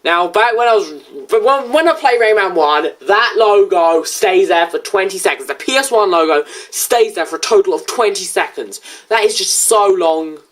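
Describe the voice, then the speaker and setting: A woman giving casual commentary over a reaction video, blunt and sarcastic, quick to correct others. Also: medium pitch, animated.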